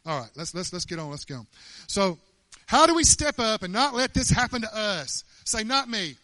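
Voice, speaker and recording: A man preaching a sermon in an animated, emphatic way, often laughing as he talks. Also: high-pitched, moderate pace, no room sound.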